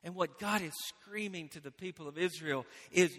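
Guy preaching a sermon, high bright voice, big echoey church hall. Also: moderate pace, few pauses. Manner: preaching with swelling emphasis and quiet drops, repeating phrases. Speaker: pastor. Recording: long reverb of a large hall.

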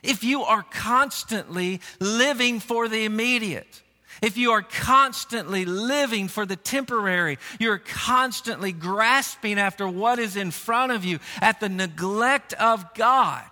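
A man's voice: high-pitched, measured pace, bright, forceful tone, big-room sound. A middle-aged man preaching a sermon as a pastor, earnest, often repeating words and restarting.

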